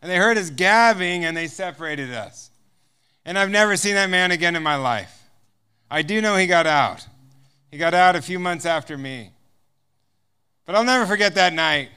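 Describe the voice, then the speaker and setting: A man's voice: high-pitched, expressive, normal speed, long pauses, sharp tone, clear, resonant tone. A man speaking as a guest speaker, telling a personal testimony and acting out the dialogue with frequent chuckles. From United States. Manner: storytelling that acts out dialogue, chuckling often.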